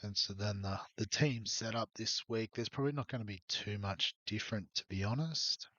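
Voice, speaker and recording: A man's voice: on the low side, fairly even intonation, normal speed, pushed and bright, dry recording, muffled recording. A man walking through his fantasy rugby league team in a rambling, hesitant way, full of ums. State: has the hiccups. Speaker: fantasy sports youtuber. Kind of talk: casual fantasy team walkthrough.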